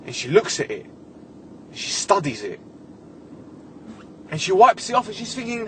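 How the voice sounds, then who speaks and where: A young man rants through a comic story as a solo podcast host, swearing freely and sounding exasperated. His voice sits high and swings widely in pitch as he talks. A faint noise hums in the background. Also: sing-song, moderate pace, pauses often.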